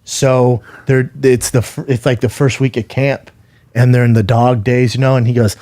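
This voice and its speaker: A man's voice: mid-range voice, little pitch movement, normal speed, dark tone, no echo. A man co-hosting a talk podcast, with a middling voice heard close and dry. He tells his stories with animation, acting out quotes and swearing freely. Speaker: podcast co-host. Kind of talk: casual chat.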